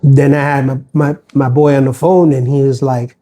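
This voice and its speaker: A man's voice: mid-range voice, little pitch movement, moderate pace, warm tone. A middle-aged man talking casually and with grievance on a livestream, rambling with many fillers and restarts. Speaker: postal worker livestreaming.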